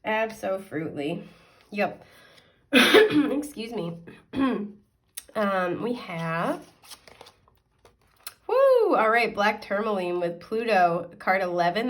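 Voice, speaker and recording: A woman's voice: mid-range voice, expressive, slow, long pauses. A woman giving a casual tarot reading to her viewers. She is chatty and giggly and fills her talk with frequent ums and likes. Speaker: tarot reader.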